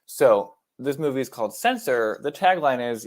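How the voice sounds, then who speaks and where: A man's voice: mid-range voice, animated, normal speed, darkish tone. A man with an American accent, co-hosting a podcast in casual, jokey chat, swearing freely and laughing at himself. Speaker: podcast co-host.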